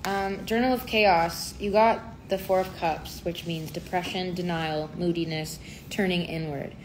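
A woman's voice: on the low side, steady tone, a little slow. A young woman in her twenties reading tarot on a casual livestream, playful and chatty. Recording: noisy home livestream audio.

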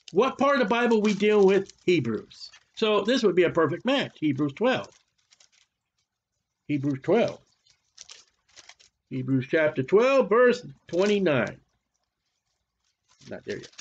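A man teaching a Bible study as a sermon, animated, sarcastic and preachy, from the United States. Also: sits high. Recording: muffled lo-fi recording.

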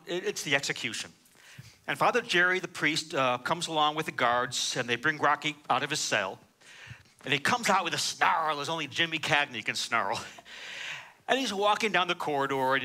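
A man preaching as a rabbi, telling a story with dramatic swings from loud to hushed. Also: a little high. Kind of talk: sermon.

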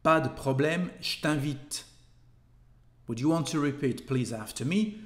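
A man's voice: fairly high pitch, unhurried. A man with a French accent, a native French speaker, patiently explaining pronunciation as a language teacher. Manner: patient, repeats phrases for learners to copy. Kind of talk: slow instructional explanation. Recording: echoey room.

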